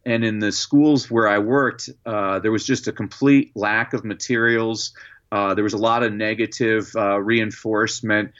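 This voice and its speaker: A man being interviewed as an educator and motivational speaker, telling lively stories with many "uh" fillers. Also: fairly low pitch, moderate pace, highs cut off. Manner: lively anecdotes, frequent "uh" fillers. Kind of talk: storytelling in a podcast interview.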